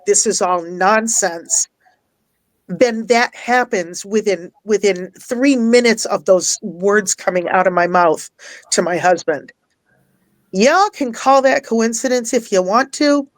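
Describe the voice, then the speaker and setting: A woman tells a heartfelt personal story in an earnest, animated way, laughing often and repeating phrases for emphasis. She sounds close to tears at times. Her voice sits at an ordinary pitch, and the recording is dry and close. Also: measured pace, no room sound. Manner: emotional, near tears at times. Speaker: guest, life coach and minister.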